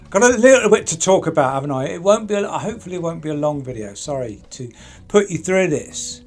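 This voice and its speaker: A man's voice: a little high, lively intonation, a little fast, soft background music. A man hosting a true crime channel, chatting casually and asking pointed rhetorical questions to people he talks about.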